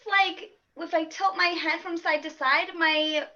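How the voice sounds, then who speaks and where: A woman's voice: extremely high pitch, fairly even intonation, a little slow, pushed and bright. A woman playing an improv debate game on a video call, chatty with a questioning lilt. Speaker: improv performer. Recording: muffled video call audio.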